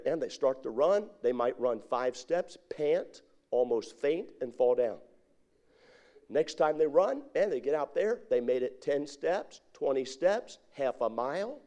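A man's voice: on the high side, animated, a little slow, warm tone. A middle-aged man preaching a sermon as pastor, drawing his congregation in with call-and-response questions.

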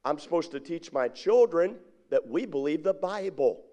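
A man's voice: fairly high pitch, animated, moderate pace, warm tone. A middle-aged man preaching a sermon as pastor, drawing his congregation in with call-and-response questions.

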